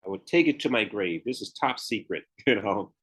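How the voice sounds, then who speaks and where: In this podcast interview, the guest, a Memphis, Tennessee man with a US Southern accent who is a retired pro bodybuilder and author, shares his story candidly and laughs often. His voice is lowish, a bit bright and husky, with lively intonation at a moderate pace, on a low-quality recording.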